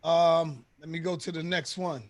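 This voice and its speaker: A man hosting a live call-in stream, briskly handling callers and calling them brother. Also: fairly high pitch, steady tone. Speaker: host.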